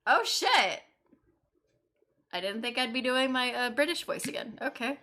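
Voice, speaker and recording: A woman's voice: fairly high pitch, expressive, a little slow, pushed and bright. A woman streamer chatting casually and swearing as she plays through a game. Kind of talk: casual game playthrough chat.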